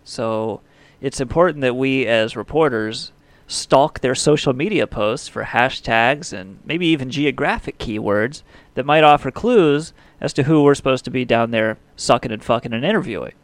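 A man's voice: medium pitch, moderate pace, dry recording. A man co-hosting a profane satirical comedy podcast, with a mock-serious delivery. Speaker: podcast co-host.

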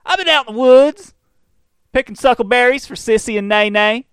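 A man's voice: very high-pitched, normal speed, fairly bright tone, smooth, no room sound, clean studio sound, pitched above the performer's own voice. A man voicing a rambling, overfriendly backwoods man who wanders around armed, in a folksy drawl.

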